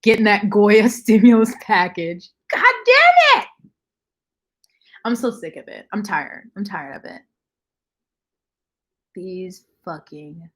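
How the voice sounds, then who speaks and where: Young woman on a livestream, blunt and sweary, chatting along with the comments, middle pitch. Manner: blunt, swears freely, reads comments aloud. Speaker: livestream host. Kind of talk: casual livestream chat, reacting to comments.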